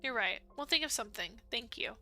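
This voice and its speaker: A woman's voice: on the high side, animated, brisk, bright, forceful tone, soft background music, full character voice. A woman voicing an anxious young man, the love interest in a dating game, earnest and stammering. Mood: quiet.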